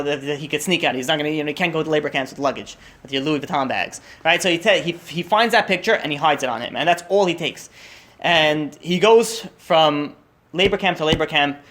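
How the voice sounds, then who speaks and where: A young man telling a story at a holiday meal, talking fast and tumbling over his words. His voice sits somewhat high for a man, and he keeps restarting with lots of fillers. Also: fairly bright tone. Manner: rushed, restarts often, many fillers.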